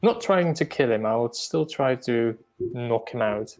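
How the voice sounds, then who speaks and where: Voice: medium pitch, lively intonation, a little slow, a little mellow, soft background music. A player in a tabletop game over a video call, speaking bluntly and casually.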